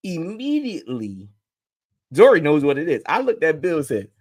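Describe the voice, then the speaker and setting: A man co-hosting a casual podcast chat, his pitch swinging widely as he tells stories. He slips into his parents' voices to act out family moments, animated and loose. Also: normal speed. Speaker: podcast co-host.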